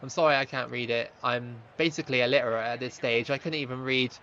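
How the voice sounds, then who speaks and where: A young man streaming a football game, chatting with viewers and reacting loudly to the play, on a slightly dull lo-fi mic. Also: mid-range voice, fairly even intonation, fast, a little hiss or hum. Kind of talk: live gaming stream commentary.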